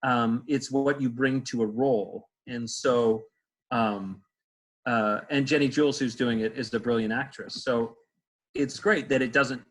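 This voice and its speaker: Male stage actor, easygoing and rambling, mid-pitched voice, heard over a video call. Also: poor audio. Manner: rambling, many fillers and restarts. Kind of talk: casual interview answers.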